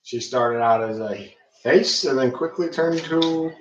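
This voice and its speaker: A man's voice: medium pitch, measured pace, slight background noise. Laid-back joking young man, dull echoey sound. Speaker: podcast co-host. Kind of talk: casual wrestling review chat.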